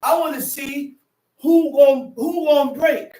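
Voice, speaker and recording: A high-pitched man preaching a fiery sermon, swinging from shouted bursts into slow, careful definitions. His casual street speech keeps breaking through. He sounds far from the mic in an echoey worship hall.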